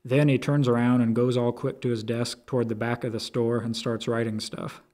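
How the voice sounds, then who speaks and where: Guy reading a crude slangy story, flat deadpan, mellow low tone. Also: moderate pace, few pauses. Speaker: narrator.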